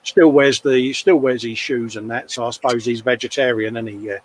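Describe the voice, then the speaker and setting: A man's voice: mid-range voice, fairly even intonation, brisk, slight background noise. An older man chatting casually at his workbench, laughing often and reading out viewer comments. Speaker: co-host. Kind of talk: casual livestream chat. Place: home workshop.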